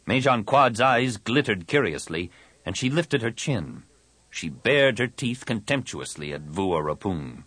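A man's voice: fairly low pitch, very animated, unhurried, fairly bright tone, slightly rough, no echo. A man reading a science fiction audiobook in dramatic narration. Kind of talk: scripted narration.

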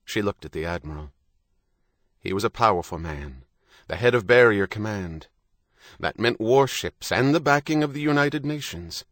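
Man reading a novel aloud, low voice, steady, dry close sound. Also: normal speed, no echo. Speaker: audiobook narrator. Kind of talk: scripted narration.

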